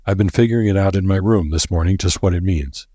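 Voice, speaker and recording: A man reading aloud, voicing a grim, solemn old professor who speaks gravely. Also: sits low, dark tone, no echo, studio quality. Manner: grave, measured. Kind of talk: audiobook character voice.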